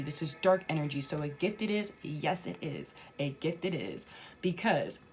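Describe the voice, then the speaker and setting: Emphatic woman with a lowish voice. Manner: emphatic, repeats phrases, swears casually. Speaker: spiritual vlogger. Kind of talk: casual spiritual monologue.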